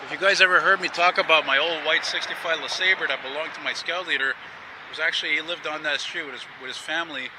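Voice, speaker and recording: On the high side and fast, his voice keeps a steady tone while he hosts a laid-back walking vlog on a busy city street. He chats eagerly and rambles as he goes, and passing traffic can be heard throughout.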